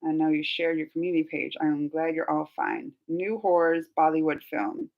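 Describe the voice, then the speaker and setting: A woman's voice: low voice, normal speed, gravelly, narrow, tinny audio. A young woman hosting a casual live stream, chatting and giggling as she reads out viewer comments. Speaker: reaction channel host.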